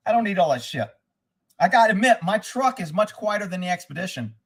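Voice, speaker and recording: A man hosting a livestream, with a high voice, big pitch swings, and a breathy edge, rants quickly, angrily, and profanely. He rambles while reading out viewers' comments and locations.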